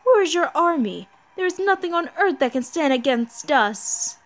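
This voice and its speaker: A gloating monstrous demon god taunts its foes with theatrical relish, put on by a woman reading a game's lines. The voice drops a little lower and grows louder than her usual talk. She keeps a mocking, boastful manner throughout. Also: animated, normal speed. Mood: taunting. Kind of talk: reading game dialogue aloud.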